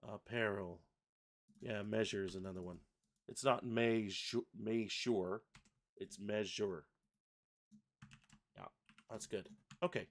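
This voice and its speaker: A man hosting a live software tutorial, thinking aloud and correcting himself as he works. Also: fairly low pitch, moderate pace, vocal fry, long pauses. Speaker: software livestream host. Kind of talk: casual live software demo.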